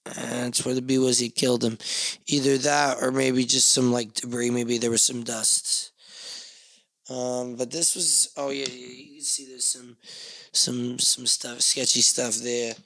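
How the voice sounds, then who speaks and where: A man with a New Jersey accent rambles through a casual solo podcast, swearing and joking as he drifts between topics. His voice sits at an ordinary pitch and sounds dry and close, recorded in a small backyard shed. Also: level tone, unhurried, bright, forceful tone, no room sound. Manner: rambling, profane, joking asides. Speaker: podcast host.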